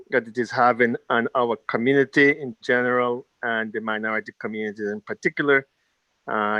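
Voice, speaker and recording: A man's voice: medium pitch, bright, forceful tone, dull audio. A man who leads a labor union, giving an earnest, rallying speech over a video call at an online town hall and repeating his key phrases.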